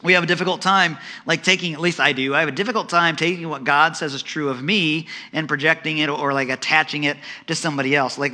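A man preaching a sermon, dramatic, dropping to soft low tones for emphasis and acting out the voices of the story. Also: fast, few pauses. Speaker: pastor.

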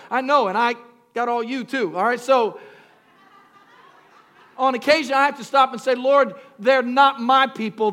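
A male pastor preaching a sermon, talking straight to the congregation, calling for responses and moving between quiet storytelling and shouted preaching. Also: very high-pitched. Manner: talks directly to the congregation, asks for responses.

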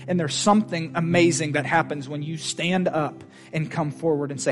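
A man's voice: a little high, steady tone, normal speed, few pauses, over music. A man preaching a sermon in church, fervent and emphatic, repeating his lines for force. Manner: fervent, emphatic, repetitive exhortation.

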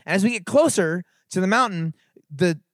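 A middle-aged man from the San Francisco Bay Area preaches to a youth crowd in an animated, conversational way. His voice sits a little high and sounds dry and close, with no room around it. He moves from relaxed storytelling into emphatic exhortation. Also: normal speed, no echo. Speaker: conference speaker. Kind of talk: sermon-style storytelling talk.

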